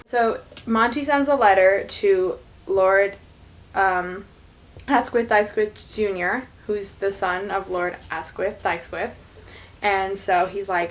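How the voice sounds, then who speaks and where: A woman's voice: medium pitch, fairly even intonation, slow pace. A young woman telling a story in casual chat, full of "like" and quoted lines. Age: young adult. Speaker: YouTuber retelling a musical's plot.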